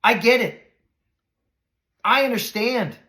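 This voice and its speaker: A middle-aged man hosting a motivational podcast, speaking earnestly and preacherly, dropping to soft reflective lows and rising to emphatic highs. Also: slow pace. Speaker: podcast host.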